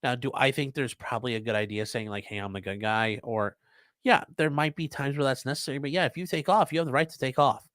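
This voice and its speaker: A man's voice: mid-range voice, quick pace, a bit bright, no echo, studio quality. Blunt, profane man reading chat aloud. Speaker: lawyer hosting a live stream. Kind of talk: casual live-stream chat answering viewer comments.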